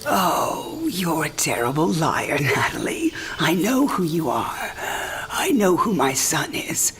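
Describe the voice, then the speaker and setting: A woman's voice: low voice, very animated, slow, a little hiss or hum, full character voice. An actress playing a dying old woman who talks frankly, teasing and tender by turns. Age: older. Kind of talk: game cinematic voice acting.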